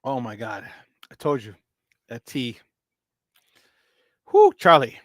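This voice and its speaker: A man's voice: mid-range voice, huge pitch swings, slow, fairly bright tone, no echo. A young man hosting a casual morning sports talk show, rambling loosely and slipping into Spanish phrases.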